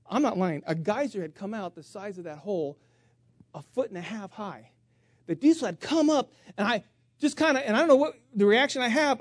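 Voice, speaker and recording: A middle-aged man preaching, telling a story on himself with big swings between loud outbursts and quiet asides. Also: very high voice, no room sound. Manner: animated, self-mocking storyteller with voice swings. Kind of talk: sermon storytelling.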